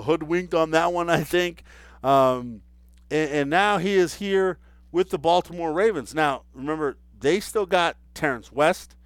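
A man giving casual solo football commentary, animated and incredulous, with mocking asides. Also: on the high side, smooth, no echo. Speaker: sports commentator.

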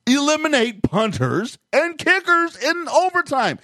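Excitable high-pitched male sports co-host. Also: measured pace, no echo, studio quality. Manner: emphatic, riled up, repeats phrases. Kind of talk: casual sports chat.

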